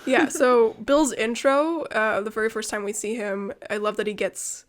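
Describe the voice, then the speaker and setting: A young woman co-hosting a podcast, chatting excitedly, swearing freely and laughing often. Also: on the high side, moderate pace. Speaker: podcast co-host. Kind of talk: casual chat.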